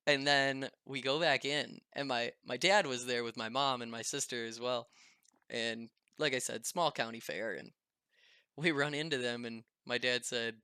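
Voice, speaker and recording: A man telling a story to his viewers in a casual, animated, chatty way, often breaking into laughter. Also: medium pitch, normal speed, smooth, no echo, clean studio sound. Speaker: vlogger.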